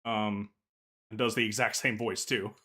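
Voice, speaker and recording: A man's voice: on the low side, flat delivery, measured pace, sharp tone, husky. A man co-hosting a podcast, opinionated and chatty, laughing at his own jokes and stumbling over restarts. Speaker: podcast co-host. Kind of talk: casual chat.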